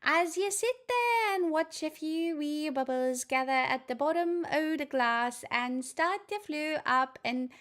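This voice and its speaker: A woman's voice: high voice, fairly bright tone. A woman putting on a dreamy Scottish meditation guide. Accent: put-on Scottish. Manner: slow, dreamy guided-imagery delivery. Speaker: streamer.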